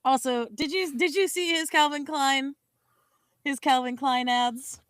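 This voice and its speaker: A woman's voice: sits high, fairly even intonation, unhurried, fairly bright tone, no room sound. A young woman co-hosting a podcast, chatting casually in a rambling, giggly way and correcting herself often. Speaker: podcast co-host. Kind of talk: casual chat.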